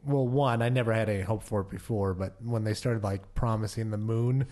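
A man's voice: on the low side, fairly quick, mellow. A man co-hosting a casual podcast chat, talking loosely, swearing and acting out quotes. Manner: loose, profane, acts out quotes. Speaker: podcast co-host.

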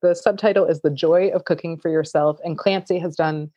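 A woman's voice: on the low side, fairly even intonation, brisk, mellow, dry recording. A woman cookbook author answering audience questions in casual chat, laughing often and saying "like" a lot. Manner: chatty, laughs often, many "like" fillers.

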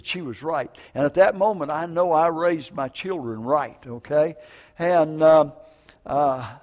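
Older preacher in a ringing hall. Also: male voice, a little high, a little slow, darkish tone. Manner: emotional folksy storytelling, frequent "man" and "okay?". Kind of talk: sermon with personal testimony. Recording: long hall reverb.

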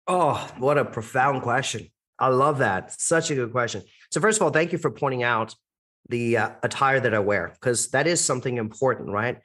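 Um homem criado em muitos países, com sotaque americano, falando como convidado de podcast de forma enérgica e enfática, com perguntas retóricas. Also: male voice, medium pitch, normal speed. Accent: American-sounding. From India, raised internationally. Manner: energetic, emphatic, rhetorical questions. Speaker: guest, public speaking coach. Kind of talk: podcast interview.

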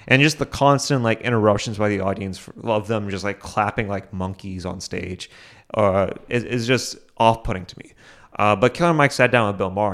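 A young man hosting a solo podcast, rambling with many fillers and asides, self-deprecating, and chuckling often. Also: on the low side. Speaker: podcast host.

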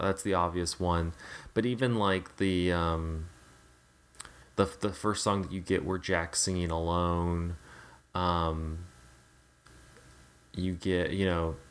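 A man's voice: deep voice, fairly bright tone. A man in casual podcast chat about a film, rambling with many fillers and restarts.

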